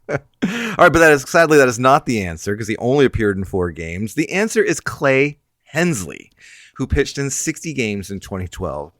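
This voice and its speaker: Lively mid-pitched man, teasing co-host. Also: moderate pace, no room sound, studio quality. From United States. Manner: teasing, coaxing his co-host to open up. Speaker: podcast co-host. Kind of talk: casual chat.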